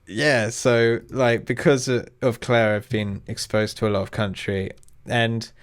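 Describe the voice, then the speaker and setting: A man's voice: medium pitch, steady tone, a little slow, clean tone, no room sound. A young man with a Southern English accent hosting a podcast, rambling, swearing and laughing as he chats. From England. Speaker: podcast host. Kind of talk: casual chat.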